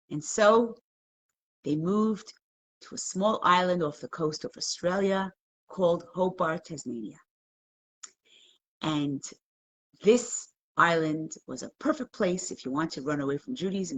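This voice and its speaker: A woman teaching a live class, telling a story in an animated, conversational way and acting out the quotes. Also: on the low side, unhurried, pauses often, slightly rough.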